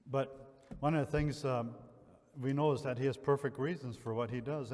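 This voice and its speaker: A man from the Upper Midwest, a pastor preaching a sermon in a relaxed, conversational way, full of fillers and restarts. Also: a little high, long reverb tail. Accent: Upper Midwest American. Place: church sanctuary.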